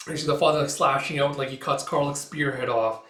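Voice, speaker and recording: A man's voice: mid-range voice, steady tone, quick pace, a bit bright. A man casually recapping a comic, narrating with lots of "like" and "uh". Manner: loose narration with many "like" and "uh" fillers. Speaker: manga reader and reviewer. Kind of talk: casual recap read-aloud. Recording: roomy echo.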